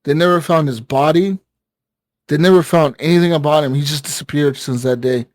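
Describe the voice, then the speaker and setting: A man's voice: on the high side, a little fast, dry recording. A man casually telling a long story on a gaming podcast, rambling with lots of fillers and swearing. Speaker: podcast co-host.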